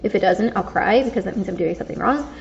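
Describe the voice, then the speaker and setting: A woman's voice: mid-range voice, quick pace, creaky, a little hiss or hum. A young woman vlogging casually, rambling and self-conscious, full of fillers and restarts. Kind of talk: casual storytelling vlog. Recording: dull lo-fi recording.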